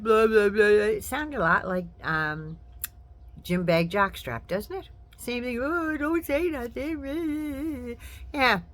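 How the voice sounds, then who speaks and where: A woman's voice: mid-range voice, fairly bright tone. An older woman vlogger delivering a casual, sarcastic political commentary rant with mocking asides.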